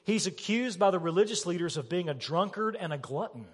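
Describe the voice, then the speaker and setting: High-voiced pastor preaching with emphasis. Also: male voice, brisk, slightly rough. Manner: animated, emphatic, rhetorical questions. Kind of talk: sermon. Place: church sanctuary. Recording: long reverb of a church hall.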